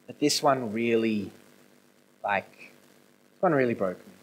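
Husky-voiced male pastor preaching. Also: medium pitch, slow pace, low-quality recording. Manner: conversational preaching with swings from soft to emphatic. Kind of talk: sermon. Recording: no video, audio only.

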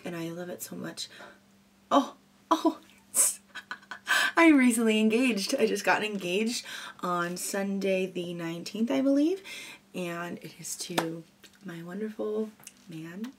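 A woman's voice: lowish voice, vocal fry, a little hiss or hum. A young woman chatting casually and goofily while doing a makeup tutorial. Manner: goofy, chatty and rambling. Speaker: beauty vlogger.

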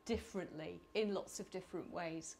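Lively middle-aged woman giving a conference talk. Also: fairly low pitch, moderate pace, gravelly. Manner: warm, animated, laughing asides. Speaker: speaker at a conference. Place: conference hall.

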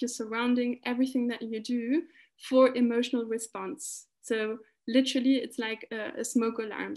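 A woman giving a calm, explanatory talk on tapping, often restarting her phrases as she guides listeners through the points. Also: a little high. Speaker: EFT practitioner giving a talk.

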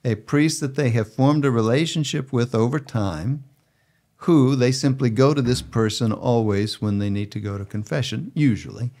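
A man speaking as a bishop on a podcast, measured and gentle, with frequent pauses and fillers. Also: mid-range voice. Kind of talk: conversational podcast chat.

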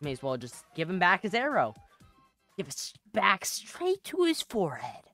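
A woman's voice: on the low side, moderate pace, dry recording, clean studio sound, soft background music. A woman giving playful, jokey commentary while playing a video game, yelping and laughing often. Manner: excitable, jokey, yelps and laughs. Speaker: gaming YouTuber.

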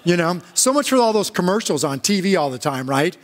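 A male pastor giving a conversational sermon, telling stories in a halting way with frequent restarts. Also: high voice, sing-song. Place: church sanctuary. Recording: long church reverb.

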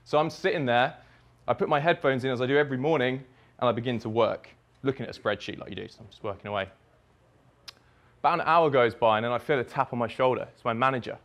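A man's voice: mid-range voice, fast, fairly bright tone. Young man telling a story on stage. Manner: vivid present-tense storytelling, swears freely. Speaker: speaker at a fitness business summit. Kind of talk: storytelling keynote talk.

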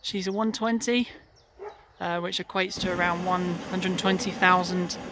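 Retrieve driver narrating their own work outdoors in a field, pausing often, medium pitch, light noise behind. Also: steady tone, sharp tone. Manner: explains step by step as they go, with frequent pauses. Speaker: hot air balloon retrieve driver. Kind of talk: casual running commentary while working.

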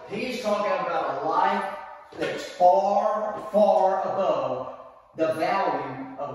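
A man preaching a teaching sermon, emphatic, repeating phrases and putting questions to his listeners. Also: high voice. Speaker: pastor. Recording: echoey hall, mic far off.

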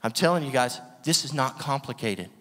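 Speaking fairly quickly and expressively, a guest preacher with a mid-range, slightly bright voice fires rhetorical questions at the room and laughs frequently. His emphatic sermon echoes through a reverberant church hall.

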